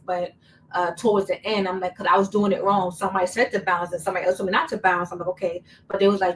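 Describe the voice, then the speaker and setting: A young woman tells her story in a relaxed, chatty vlog style and leans on repeated words for emphasis. She sits a little away from the microphone. A faint background hiss runs under her voice. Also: mid-range voice, fast talker. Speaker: vlogger. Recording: slightly distant mic, faint room noise.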